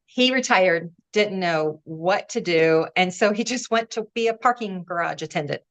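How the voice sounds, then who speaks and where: A woman's voice: fairly low pitch, moderate pace. A woman guest on a podcast telling personal stories with feeling, acting out what people said and laughing between lines. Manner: warm, animated storyteller, acts out quoted voices, laughs between lines. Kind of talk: storytelling in an interview.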